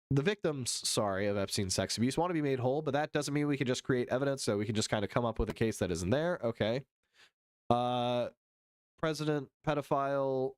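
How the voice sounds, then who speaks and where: A man live-streaming, reading news haltingly and riffing profanely with his chat. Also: mid-range voice, smooth, dry recording, studio quality. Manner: profane, reads chat aloud and riffs; reads news text haltingly with fillers.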